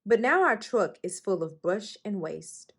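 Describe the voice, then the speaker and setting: A woman reads a children's picture book aloud at a storytime session. Her voice sits at a middle pitch and stays steady through the narration. She lifts it brightly whenever a character speaks. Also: measured pace, husky. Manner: expressive, lifts her voice high for the characters' lines. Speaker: storytime reader.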